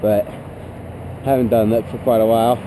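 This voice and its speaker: A man's voice: lowish voice, little pitch movement, moderate pace. A teenage boy vlogging as he walks home at night, rambling in a sarcastic tone, recorded on a head-mounted camera. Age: teens. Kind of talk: casual vlog monologue. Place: outdoors at night, suburban streets. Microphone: head-mounted action camera. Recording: noisy outdoor action-cam audio.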